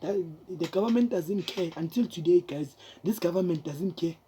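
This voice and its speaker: A woman's voice: on the low side, moderate pace, mellow, a little hiss or hum. A young South African woman with a South African accent, talking straight to her viewers in casual, emphatic commentary, repeating herself and calling them guys.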